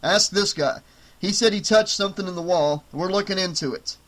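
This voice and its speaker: A man doing a brisk, commanding paramedic. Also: sits high, a bit bright, voice pushed up. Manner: clipped orders, quick.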